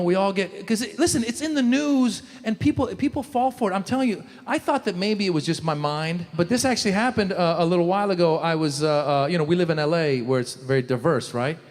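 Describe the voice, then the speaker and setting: A man in his forties, originally from Iran, performing a stand-up comedy set on stage, shouting his punchlines. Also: sits high, fast, few pauses, in a large hall, a faint crowd. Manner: animated, loud punchlines with shouted quoted lines. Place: comedy stage before a live audience.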